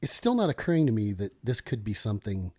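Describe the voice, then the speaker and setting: Animated middle-aged man telling a story. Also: on the low side, fast. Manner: animated, self-interrupting storyteller. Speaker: podcast guest, former police lieutenant. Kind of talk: storytelling in a podcast interview.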